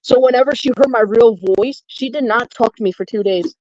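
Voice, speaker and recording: A woman's voice: fairly high pitch, a little fast, highs cut off, over a noisy crowd. A woman telling stories in casual chat, rambling and full of fillers. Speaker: chat participant.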